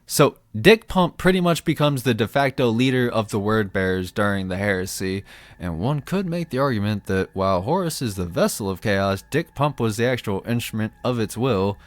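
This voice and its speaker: A man's voice: fairly low pitch, expressive, moderate pace, dry recording. A man ranting about fantasy lore in a sarcastic, profane, comedic commentary style.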